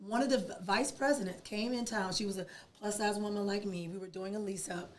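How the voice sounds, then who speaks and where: A woman, a podcast guest telling a personal story in an animated, emphatic way. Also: mid-range voice, a little fast, a little hiss or hum. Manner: animated, emphatic, acts out quoted dialogue.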